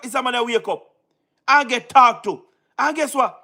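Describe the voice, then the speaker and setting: A man's voice: very high voice, fairly quick, sharp tone. A man with a Jamaican accent giving casual commentary, mocking and laughing often as he repeats his phrases. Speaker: online political commentator.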